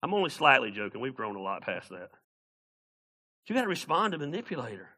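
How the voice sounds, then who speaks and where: A man preaching a sermon as pastor, animated, with shouted bursts and jokes. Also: medium pitch, brisk, breathy edge.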